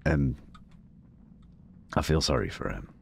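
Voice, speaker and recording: A young man hosting a horror game let's play, deliberately keeping his voice low and quiet so he doesn't set off the mic, muttering casual, swear-laden commentary as he plays. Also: lively intonation, creaky, slight background noise. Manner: hushed, talking low to keep quiet. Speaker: gaming channel host.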